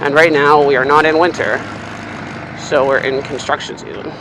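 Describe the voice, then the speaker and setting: A young man, chatting casually and swearing freely while driving, rambling and excitable. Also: a little high, moderate pace. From Canada. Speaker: vlogger. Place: inside a car, driving in city traffic. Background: faint car and road noise.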